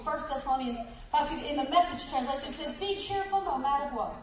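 Fast, with lively intonation and hardly any pauses, a high-voiced woman delivers a laughing, exuberant sermon. She reads a story aloud and talks straight to her listeners, captured from far away in an echoey room.

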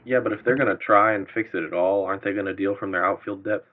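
A man's voice: on the low side, fairly even intonation, fast. A man co-hosting a casual sports podcast, making dry, wry remarks. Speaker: podcast co-host. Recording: tinny phone-like audio.

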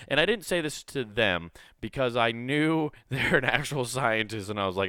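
Smooth-voiced man telling crude jokes. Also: mid-range voice, expressive, a little fast, hardly any pauses, bright, forceful tone, no echo, clean studio sound. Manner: crude, laid-back, joking. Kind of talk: casual comedic storytelling.

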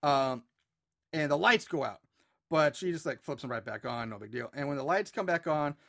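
A man's voice: a little high, expressive, moderate pace, fairly bright tone. A man in casual podcast chat, recapping a film in a rambling way with many fillers and restarts. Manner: rambling, filler-heavy retelling with frequent restarts. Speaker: podcast co-host.

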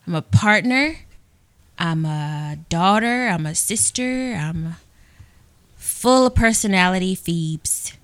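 A woman's voice: on the low side, expressive, takes it slowly, a bit bright, no echo. A woman with a Southern US accent, co-hosting a casual podcast and chatting playfully with stories. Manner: playful, talkative, storytelling. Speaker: podcast co-host.

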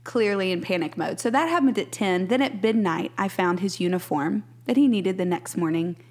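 A woman, co-hosting a casual podcast and telling lively stories with easy laughter. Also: mid-range voice, moderate pace. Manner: animated storyteller, laughs easily. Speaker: podcast co-host. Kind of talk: casual chat.

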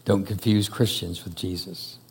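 A man preaching a sermon to a church congregation, speaking slowly and emphatically with long pauses. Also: deep voice, steady tone, slightly rough. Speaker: pastor. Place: church hall. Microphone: handheld or stand mic.

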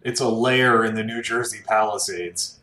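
A man's voice: on the low side, fairly even intonation, normal speed, sharp tone, echoey room. A man co-hosting a casual podcast, chiming in with wry jokes. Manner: wry, joking asides. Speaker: podcast co-host. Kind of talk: casual chat.

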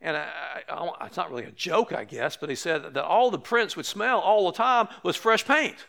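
Bright-voiced preacher man, high pitch. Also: normal speed, gravelly. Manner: conversational preaching with restarts and asides. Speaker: pastor. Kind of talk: sermon.

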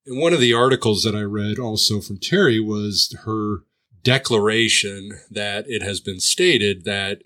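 A man who runs an addiction treatment program delivers a pointed commentary monologue packed with sarcastic rhetorical questions. His voice is lowish and sharp, and he takes his time.

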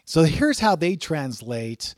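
A man's voice: a little high, very animated, takes it slowly, no echo, studio quality. A man teaching scripture in a sermon style, emphatic, reading passages aloud and repeating key words for stress. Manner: frequent "uh" fillers and restarts. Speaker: Bible teacher.

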